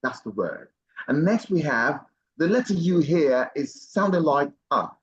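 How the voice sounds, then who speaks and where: Slow, encouraging male pronunciation coach. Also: fairly high pitch, very animated, dull audio. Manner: encouraging, repeats words slowly and often. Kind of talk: online pronunciation class.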